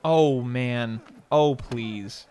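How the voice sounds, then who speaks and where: A young man streaming a video game, telling stories in an animated, profane, casual way. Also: mid-range voice, drawn-out words, a little hiss or hum. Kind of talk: casual gameplay commentary.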